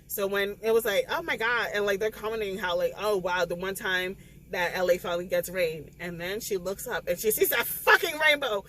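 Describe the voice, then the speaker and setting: A woman, recapping a novel in a casual spoiler vlog, tearful and animated as she acts out the scenes. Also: mid-range voice, a little hiss or hum, rough recording. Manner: animated, emotional retelling with quoted dialogue. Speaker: book vlogger.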